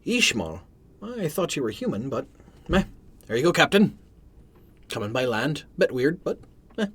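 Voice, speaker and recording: A man's voice: on the high side, very animated, normal speed, a bit bright, slightly rough, heavily acted. A man voicing a casual male gate guard who speaks in an offhand, dismissive way.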